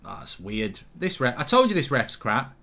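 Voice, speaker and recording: A man hosting a live football watchalong, bluntly reacting to the match and reading viewer comments aloud, his voice jumping up when play excites him. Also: mid-range voice, measured pace. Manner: blunt, swears casually, rants at the referee. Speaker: host.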